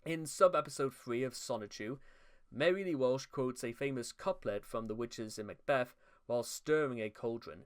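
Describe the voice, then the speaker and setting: A young man with a smooth, resonant voice, pitched in an ordinary middle range. He hosts a commentary video, reading narration and breaking off into sarcastic, mocking asides that are full of stumbles and restarts. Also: normal speed. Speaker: commentary channel host.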